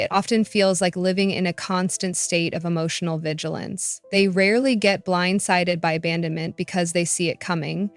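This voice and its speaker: A woman reading a scripted voice-over narration in a calm, measured way. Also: on the low side, no room sound.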